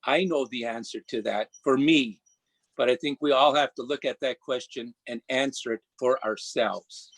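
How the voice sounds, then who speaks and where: An older man from Minnesota giving earnest, deliberate remarks as a city council member at a meeting, often stopping to restart his words. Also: mid-range voice, a bit bright, dry recording. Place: council chamber.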